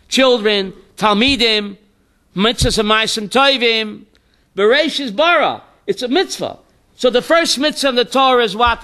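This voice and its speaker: A male rabbi lecturing a Torah class in a high, bright voice that swings widely in pitch. He keeps firing rhetorical questions at his students and calls on them by name. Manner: quizzes students by name, mixes in Hebrew terms.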